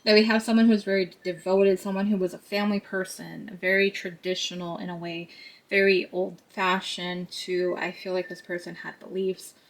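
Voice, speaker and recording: A woman's voice: on the low side, level tone, normal speed. Woman reading tarot cards for viewers, chatty and earnest, lots of ums and asides. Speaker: tarot card reader.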